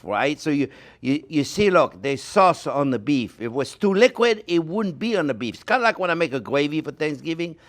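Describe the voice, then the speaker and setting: Older French-accented man, cooking show host, enthusiastic and rambling with restarts. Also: a little high. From France. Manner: chatty, enthusiastic, lots of fillers and restarts. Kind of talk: casual cooking demonstration. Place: home kitchen.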